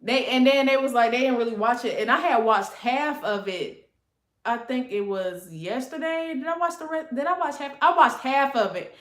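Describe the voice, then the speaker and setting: A woman's voice: sits high, normal speed. A woman, chatting casually and rambling to her livestream viewers, calling them y'all and honey. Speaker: livestream host. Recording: echoey room.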